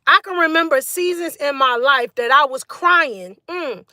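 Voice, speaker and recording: A woman's voice: sits high, measured pace, sharp tone, no echo, clean studio sound. A woman preaching a live-stream sermon, fervent and repetitive, with frequent "mm" and "y'all".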